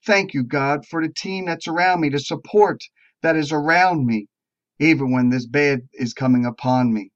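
A man voicing a grateful little flower, soft and lo-fi. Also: on the high side, moderate pace, close to an everyday voice. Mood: humble, grateful. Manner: soft, reverent, thankful. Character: small grateful male flower praising God. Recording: dull lo-fi recording.

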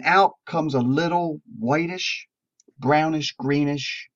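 A man tells a sermon parable to a recovery group, slow and drawn out, with emphatic rises on key words. His voice sits a little high. The recording sounds dull and lo-fi. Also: very animated. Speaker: preacher at a recovery meeting. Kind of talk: sermon storytelling.

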